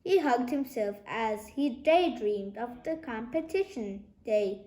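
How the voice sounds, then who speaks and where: A woman reading a children's novel aloud, narrating in an expressive, lively way, recorded in an echoey room. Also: a little high, takes it slowly. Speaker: storybook narrator.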